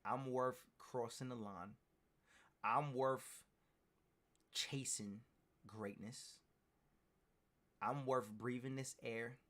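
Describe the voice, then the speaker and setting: Emphatic male streamer with a bright edge. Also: mid-range voice, steady tone, extremely slow, pauses often. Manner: preachy and emphatic, repeats words, builds to shouting. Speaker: streamer giving a motivational talk. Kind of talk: motivational pep talk on a live stream.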